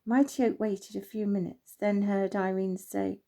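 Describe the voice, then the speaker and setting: A woman gently reading her own children's story aloud, unhurried, with small slips. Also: medium pitch, little pitch movement, creaky.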